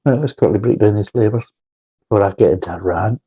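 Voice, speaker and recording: A man's voice: on the low side, fast talker, warm tone, husky, lo-fi sound. A man giving a blunt, rambling, sweary beer review in a casual spoken style.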